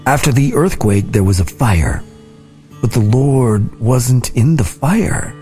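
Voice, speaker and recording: A man reading scripture aloud in a slow, deliberate, soft-spoken way. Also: medium pitch, lively intonation. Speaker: scripture reader. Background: soft guitar music.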